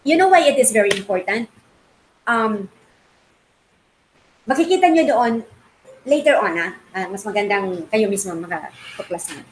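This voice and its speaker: A Filipino woman teaching a Bible study class, quizzing her students with lively questions and switching freely between English and Tagalog. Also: medium pitch, normal speed, pauses often, a little hiss or hum, poor audio. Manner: animated, mixes English and Tagalog.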